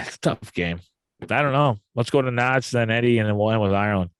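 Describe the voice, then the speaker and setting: A man's voice: on the low side, fairly quick, smooth, no room sound. A man hosting a casual sports betting chat, who stops, restarts and repeats words while he steers the talk. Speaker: podcast host.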